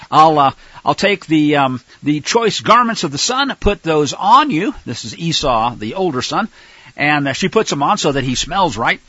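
A man teaches a Bible story with animated, swooping delivery and a somewhat husky tone. His voice sits a little high for a man and sounds dry and close. The recording is dull and lo-fi. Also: moderate pace, no room sound. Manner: animated, voices the characters, many fillers. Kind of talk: Torah teaching with dramatized readings.

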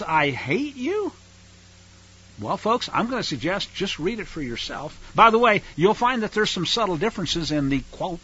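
Male radio Bible teacher, bright and husky, folksy with sarcastic asides, lo-fi radio sound. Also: high-pitched. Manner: folksy, sarcastic asides between scripture readings. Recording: dull lo-fi radio broadcast.

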